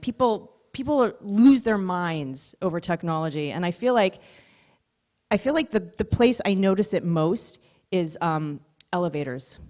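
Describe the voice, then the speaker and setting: Woman doing an animated stand-up set. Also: lowish voice. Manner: conversational, animated storytelling. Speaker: stand-up comedian. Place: stage at a live comedy showcase.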